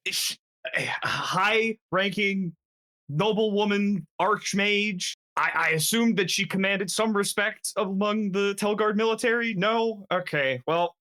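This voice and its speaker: High bright-voiced guy playing a tabletop rpg, urgent and exasperated. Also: measured pace. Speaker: player. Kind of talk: in-character tabletop role-play.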